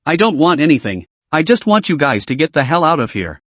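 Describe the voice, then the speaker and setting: A man's voice: fairly high pitch, brisk, dry recording. A man voicing a cocky, unruffled young rich man. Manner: calm and mocking.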